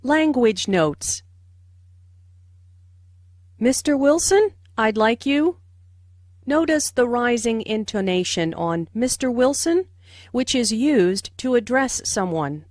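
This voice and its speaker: A woman narrating language notes in slow, carefully enunciated scripted explanations. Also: a little high, expressive, dry recording, clean studio sound.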